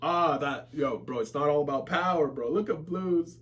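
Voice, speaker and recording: A man streaming a live reaction to a comic chapter, excitable and profane, full of slang and bursting into shouts when hyped. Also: fairly high pitch, normal speed.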